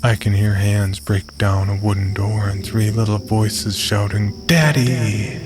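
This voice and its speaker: Low, even-toned male narrator for a creepy first-person tale; grim and measured, over a music bed.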